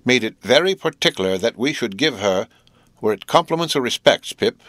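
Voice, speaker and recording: A man voicing a good-natured rustic blacksmith who speaks in a halting, would-be formal country way, in an audiobook reading. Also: mid-range voice, animated, a bit bright, no room sound, lightly acted. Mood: careful.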